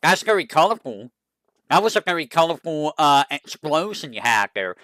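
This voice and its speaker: A VTuber streamer chatting casually, musing aloud, asking itself questions and reading character bios haltingly. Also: medium pitch, sing-song, fairly bright tone, soft background music. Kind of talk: casual stream chat, browsing game characters.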